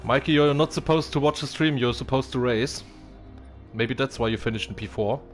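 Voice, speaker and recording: A man chats his way through a racing stream, halting and filling pauses with "uh". His voice sits at a middling pitch. Music runs faintly behind him. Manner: hesitant, full of fillers, laughs often. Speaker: race stream commentator. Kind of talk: casual live commentary.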